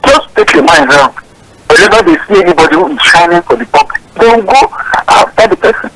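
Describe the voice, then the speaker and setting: A man's voice: high voice, very animated, fast talker. A man calling in by phone, speaking in an impassioned, pleading way. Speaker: caller. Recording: phone line over crowd noise.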